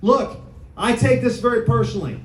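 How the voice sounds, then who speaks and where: A man's voice: extremely high pitch, lively intonation, normal speed. A man running for office, giving a punchy campaign speech to a crowd in a meeting room, repeating lines and asking the audience questions. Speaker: political candidate. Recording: echoey room with faint noise.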